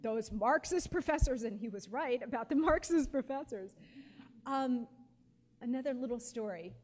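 A woman in her forties telling personal stories to an audience, lively and anecdotal, often quoting others with feeling. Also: a little high, moderate pace. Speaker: guest speaker. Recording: long hall reverb, faint background noise.

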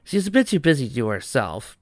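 A man narrating a fan fiction chapter aloud in a plain, even storytelling read. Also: medium pitch, very fast, no room sound, clean studio sound.

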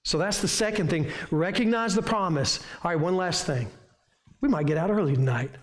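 A man with a Southern American accent preaches in a fairly high voice, stacking short emphatic lines in a folksy pulpit manner. The sound carries the echo of a church sanctuary around him. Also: lively intonation, a little fast. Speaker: pastor. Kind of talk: sermon. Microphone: room microphone. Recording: echoey church room.

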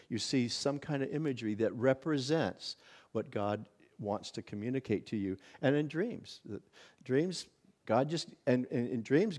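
Lively, animated man teaching church. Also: medium pitch. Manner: conversational, many restarts and acted-out inner exclamations. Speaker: visiting pastor. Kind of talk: casual teaching at a church workshop.

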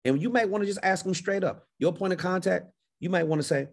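A man's voice: high voice, fast, vocal fry, hardly any pauses. Man, business coach, livestream Q&A, confident, emphatic, repeats himself.

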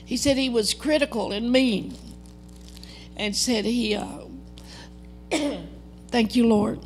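Faint music plays behind this older woman as she preaches slowly in a slightly high voice. As a guest at a church service, she delivers a heartfelt, theatrical testimony and performs the quoted lines in the story.

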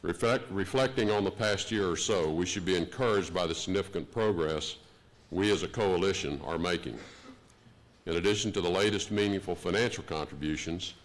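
Deep-voiced older man, formal address. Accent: Texan. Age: 60s. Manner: measured, deliberate delivery. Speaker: diplomat giving an opening address. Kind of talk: formal prepared speech. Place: conference hall.

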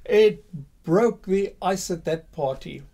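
A male history host tells his story casually, pausing on "uh" and "um" as he goes. His voice is mellow and warm and sits slightly high for a man. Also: vocal fry. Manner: conversational with frequent fillers.

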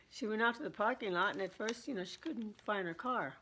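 A woman in her seventies with a husky voice, chatting and laughing as she tells stories to her vlog viewers. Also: mid-range voice, fairly bright tone, slight background noise. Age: 70s. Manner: chatty, laughs often while telling. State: throat trouble. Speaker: vlogger. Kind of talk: casual storytelling chat.

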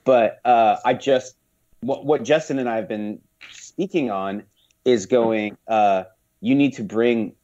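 A man on a podcast as a guest, telling animated stories in casual conversation, with many restarts. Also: medium pitch, slow, lo-fi sound.

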